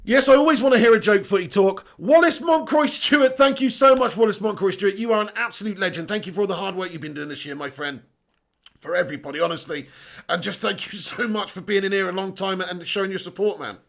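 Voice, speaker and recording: Casual live-stream host: young man, high voice with a gravelly edge, chatty and quick to laugh. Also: fairly bright tone. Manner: chatty, laughs often, reads out viewer comments. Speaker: YouTube channel host.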